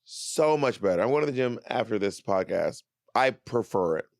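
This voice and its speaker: A man in his thirties co-hosting a podcast, chatting casually with a playful, teasing manner and drawn-out emphasis. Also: lowish voice, animated, gravelly, darkish tone, dry recording, clean studio sound. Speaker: podcast co-host. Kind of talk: casual chat.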